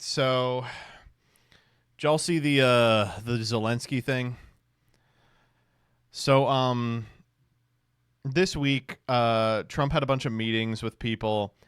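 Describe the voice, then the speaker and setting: A man streaming casual commentary, reacting to clips with sarcastic, deadpan mock praise. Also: medium pitch, clean tone, no echo, studio quality.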